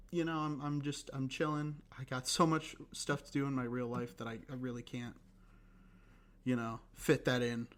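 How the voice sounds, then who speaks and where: A hoarse young man hosting a casual solo podcast, rambling and self-deprecating with lots of fillers and restarts. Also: mid-range voice. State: hoarse, recovering voice. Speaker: podcast host.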